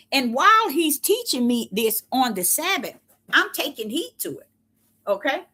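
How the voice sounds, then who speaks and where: A woman's voice: fairly high pitch, pushed and bright, husky. A woman giving an impassioned Bible teaching, with an emphatic, repetitive preacher's cadence and many rhetorical questions. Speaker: self-styled prophetess preaching.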